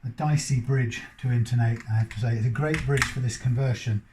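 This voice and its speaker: Male guitar tech, mid pitch, mellow, rambling workshop commentary, roomy sound. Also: a little fast, a little hiss or hum. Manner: rambling, thinking aloud as he works. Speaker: guitar technician. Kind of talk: casual workshop commentary while working. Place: repair workshop bench.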